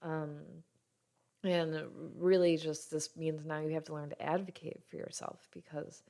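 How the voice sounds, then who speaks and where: A woman in her thirties hosting a podcast as a doctor, talking frankly and warmly in an unscripted way, and sometimes acting out what others say. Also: low-pitched, flat delivery, measured pace. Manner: frank and heartfelt, swears casually, acts out others' lines. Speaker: podcast host, functional medicine doctor. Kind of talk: candid solo podcast talk.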